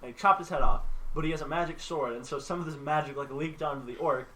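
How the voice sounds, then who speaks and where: A man's voice: on the high side, fast, sharp tone, a little hiss or hum, rough recording. A man hosting a casual podcast, telling a game story in a rambling way with lots of fillers. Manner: rambling, filler-heavy storytelling, acts out orc lines. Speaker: podcast host. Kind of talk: casual chat. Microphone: home mic on a live stream call.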